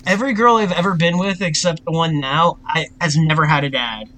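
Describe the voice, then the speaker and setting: A man's voice: on the high side, a little fast, sharp tone, slight background noise, rough recording. A young man co-hosting a podcast, chatting casually, laughing often and swearing freely. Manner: laughs often, loose and profane. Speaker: podcast co-host. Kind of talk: casual chat.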